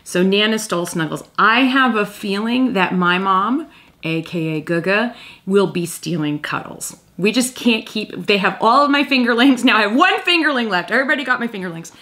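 A woman's voice: medium pitch, expressive, normal speed, bright, forceful tone. A woman in her thirties hosting a casual toy review vlog, chatty and playful, cooing at a toy kitten.

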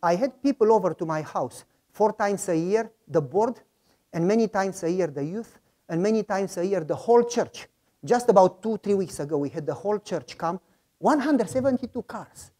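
A male pastor giving a testimony from the pulpit. He talks in a lively storytelling way, acts out the people in his stories, and speaks with loose, slightly broken grammar. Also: high-pitched, moderate pace.

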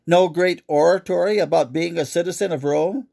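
A cruel old king who sneers and taunts, then roars in fury, as a man reads him aloud in a storybook. His voice sits fairly high and carries a gravelly edge. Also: steady tone, measured pace, darkish tone. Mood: taunting, raging. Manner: taunting, roaring outbursts. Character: cruel aging tyrant king, raging and taunting.

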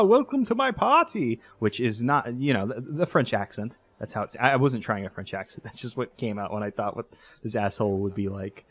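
A man hosting a let's play, giving casual gameplay commentary that rambles, jokes and corrects itself as he goes. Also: fairly low pitch. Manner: rambling, self-correcting, joking.

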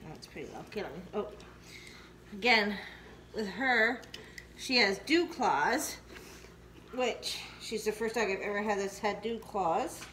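At home, a woman vlogs while clipping her dogs' nails, alternately coaxing, scolding and praising them. Her mid-range voice is animated and a bit bright, with a measured pace and long pauses. The room is noisy with dogs and clicking sounds.

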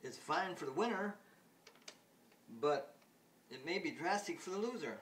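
A man's voice: lively intonation, a little slow, distant mic, a little hiss or hum. A man reading a pompous, fussy older man. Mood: sneering. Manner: reading quoted lines louder and higher.

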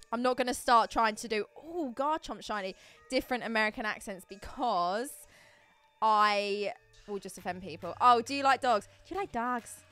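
A woman's voice: fairly high pitch, a little slow, pauses often, fairly bright tone, clear, resonant tone, soft background music. Chatty giggly woman streamer. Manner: chatty, giggly, answering viewers. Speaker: streamer opening trading card packs. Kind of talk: casual live-stream chat.

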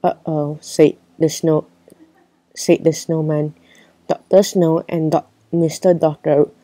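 A woman's voice: low-pitched, dark tone, no room sound, rough recording. A woman reading a children's book aloud, storytelling with light character voices. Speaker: reader.

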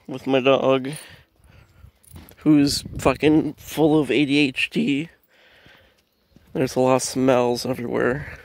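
A man's voice: mid-range voice, gravelly, a little mellow, no echo. A young man telling a rambling story in a casual vlog, swearing freely and laughing often as he walks his dog in the woods. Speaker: vlogger. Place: outdoors in woods, walking dog.

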